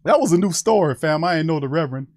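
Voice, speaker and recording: A man hosting a casual sports talk show, animated and conversational, speaking to fans as family. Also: a little high, quick pace.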